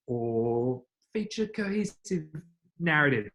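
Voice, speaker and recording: A man's voice: medium pitch, moderate pace. A man co-hosting a casual film review podcast, reflective and thoughtful, with many "like"s. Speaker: podcast co-host. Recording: roomy echo.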